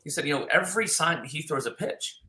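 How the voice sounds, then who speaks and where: A man chats about golf in a rambling, emphatic way, his voice bright and forward. The room around him rings with a noticeable echo. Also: a little high, lively intonation, a little fast. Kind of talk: casual golf chat.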